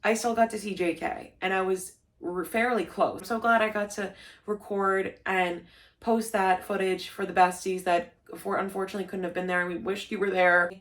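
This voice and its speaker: A woman's voice: medium pitch, fairly even intonation, moderate pace, a bit bright. A young woman telling a story in a casual vlog, gushing and full of "like", acting out what people said. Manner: gushing, lots of "like", acts out quotes. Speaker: vlogger.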